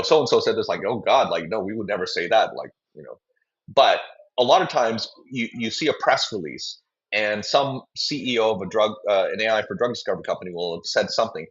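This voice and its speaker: A man's voice: lowish voice, lo-fi sound. A man, a company CEO, answering interview questions at length, rambling and acting out voices he quotes. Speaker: biotech company CEO, guest.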